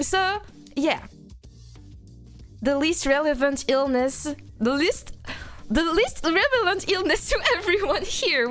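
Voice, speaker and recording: A French woman with a French accent and a voice on the high side chats playfully with her live-stream audience, answering messages from chat.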